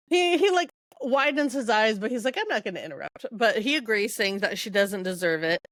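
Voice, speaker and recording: A woman's voice: a little high, moderate pace, fairly bright tone, no room sound, clean studio sound. A woman hosting a podcast, chatting casually through a book recap and laughing as she summarizes. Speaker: podcast host.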